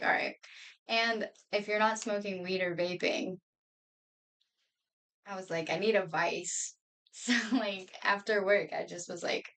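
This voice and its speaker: A woman's voice: mid-range voice, a bit bright. Woman streamer, twenties, casual rambling chat, home room, slightly far from mic. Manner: rambling, chatty, laughs often, talks while eating.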